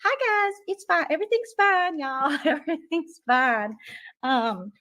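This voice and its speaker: A woman hosting a livestream, joking loudly and crudely with her viewers. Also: high voice, measured pace. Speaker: livestream host. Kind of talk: livestream chat.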